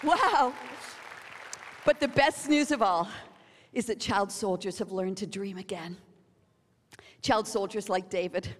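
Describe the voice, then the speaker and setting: A woman's voice: mid-range voice, slow, long pauses, big-room sound, a faint crowd. A woman preaching a sermon, telling stories dramatically and acting out what others said. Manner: dramatic storytelling, acting out quotes.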